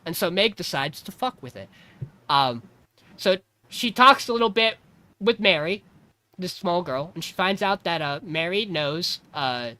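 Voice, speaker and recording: A man's voice: high-pitched, measured pace. A man co-hosting a casual podcast, recapping an anime episode with laughs and acted-out lines from the characters. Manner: animated storyteller who acts out characters' lines; laughs often. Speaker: podcast co-host.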